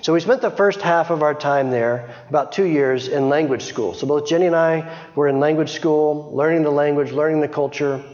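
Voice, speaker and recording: A man's voice: on the high side, normal speed, hardly any pauses, a little mellow. A middle-aged man giving an informal missionary report to a church, chatty, with frequent restarts. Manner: chatty, many restarts and small laughs. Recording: dull sound, long hall reverb.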